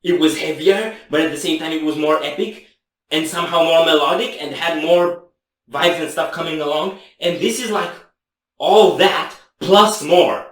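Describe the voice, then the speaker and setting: A man's voice: fairly high pitch, moderate pace, fairly bright tone. Awed man, far off in an echoey room. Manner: awed, gushing. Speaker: music reaction co-host. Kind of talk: casual reaction chat.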